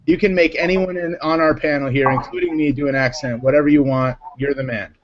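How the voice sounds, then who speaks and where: A man's voice: on the high side, fairly even intonation, a little fast, highs cut off, noisy background. A man hosting a casual live panel chat, joking and rambling. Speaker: host.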